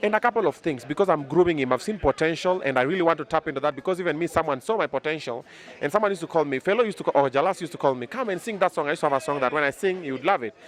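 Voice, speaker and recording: Kenyan guy in his 30s chatting in an interview, animated and bragging, outdoors in a city. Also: a little high. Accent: Kenyan English. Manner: animated, boastful, quick bursts. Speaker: media personality interviewed. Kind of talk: casual interview chat mixing English and Swahili.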